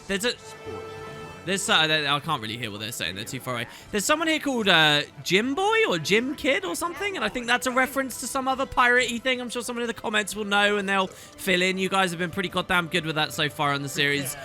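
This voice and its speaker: A man's voice: very animated, fast talker, bright, forceful tone, soft background music. A man in his thirties narrating a video game playthrough, chatty and enthusiastic. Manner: enthusiastic, chatty, swoops in pitch. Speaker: let's play host. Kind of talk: game commentary.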